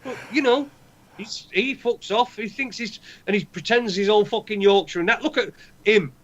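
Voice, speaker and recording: A man's voice: sits high, moderate pace, a bit bright. A man with a Northern English accent co-hosting a podcast, ranting with heavy swearing and strong opinions. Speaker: podcast co-host. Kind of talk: casual chat. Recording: dull lo-fi sound.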